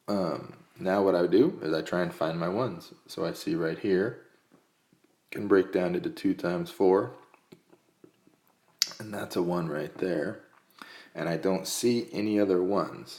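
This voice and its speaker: A man teaching a math lesson on a whiteboard screencast, explaining step by step in a calm way and counting aloud. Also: low voice, creaky, echoey room.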